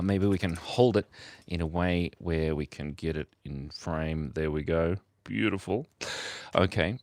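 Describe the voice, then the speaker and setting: A man's voice: deep voice, slight background noise. A man live-streaming his drawing, chatting in a rambling, playful, self-mocking way and often chuckling. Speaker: livestream artist. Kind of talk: casual live-stream chat while drawing.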